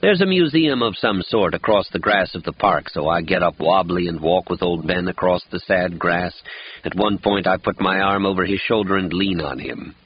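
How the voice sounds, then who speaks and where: A man's voice: sits low, moderate pace, slightly rough. A man narrating an audiobook in a wistful, lyrical first-person telling. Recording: dull lo-fi audiobook recording.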